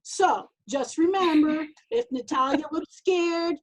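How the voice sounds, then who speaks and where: A woman co-hosting a casual chat, telling a story in a measured way with playful acted-out asides. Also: high voice, low-quality recording. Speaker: podcast co-host.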